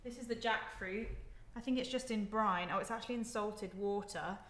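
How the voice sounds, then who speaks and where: A woman's voice: mid-range voice, normal speed, a bit bright. A young woman chats through a cooking live stream, laughing easily and talking to viewers as she moves around. She is recorded in an echoey home kitchen, and a faint noise sits under her voice. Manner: chatty, giggly, talks to viewers while moving around the kitchen. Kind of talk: casual live-stream chat while cooking.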